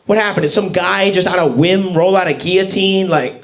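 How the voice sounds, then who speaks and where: High-voiced man doing stand-up. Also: normal speed, few pauses, slight background noise. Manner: deadpan rants with sudden put-on voices. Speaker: stand-up comedian. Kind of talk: stand-up set. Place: comedy club stage with laughing audience. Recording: live room with crowd laughter.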